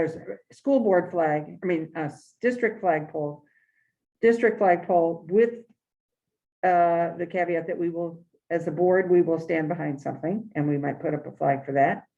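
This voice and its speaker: A woman at a committee meeting walking through policy options, halting and full of fillers. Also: fairly low pitch, mellow. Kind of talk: meeting discussion. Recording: dull lo-fi meeting recording.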